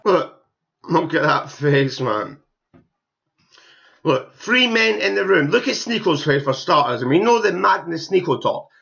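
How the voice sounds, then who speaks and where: A man's voice: on the high side, expressive, unhurried, vocal fry, sharp tone, dull audio. A young man giving blunt, scornful, profanity-heavy reaction commentary on a video. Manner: blunt, scornful, swears heavily. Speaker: YouTube commentator.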